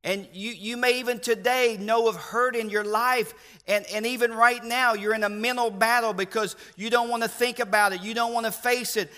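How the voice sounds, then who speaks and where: A man delivers a church sermon in a high, bright, ringing voice. He preaches earnestly, leaning on words with slow emphasis. He repeats key refrains. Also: steady tone, clear, resonant tone. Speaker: pastor.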